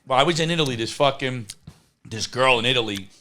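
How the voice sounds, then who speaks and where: A man's voice: mid-range voice, fast talker, pushed and bright. A man, a podcast guest rambling in brash casual chat and swearing freely.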